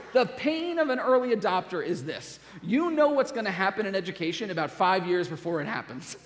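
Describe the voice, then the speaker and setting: A middle-aged man giving a humorous conference keynote, joking with quick asides and laughter. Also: high voice. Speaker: keynote speaker. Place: large conference hall. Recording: long hall reverb.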